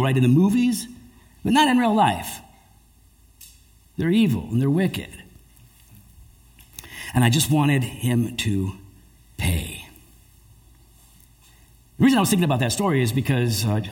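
A man preaching a sermon, telling a story with lively delivery and acting out the people in it. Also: fairly high pitch. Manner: animated storyteller, acts out voices. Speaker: pastor.

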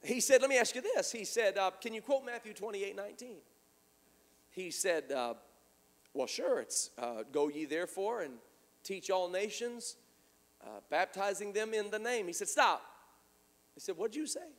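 A man's voice: sits high, normal speed, long reverb tail. A man preaching a sermon, telling a story and acting out the dialogue, often repeating words as he goes. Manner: animated, repeats words, acts out quoted dialogue.

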